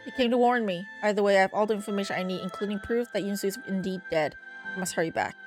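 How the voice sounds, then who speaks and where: Woman reading a story game aloud, mid-pitched, quick to swear at herself; faint music behind. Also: fairly even intonation. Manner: exclaims at jump scares. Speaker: gamer playing a story game.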